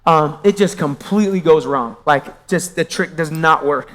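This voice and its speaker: A man from Pennsylvania, high-pitched for a man, tells his faith story to a gathered crowd. He moves between low, hushed asides and bright exclamations. His voice rings out with a long reverb, as in a large hall. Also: moderate pace. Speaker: magician sharing his testimony. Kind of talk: testimony talk to a live audience.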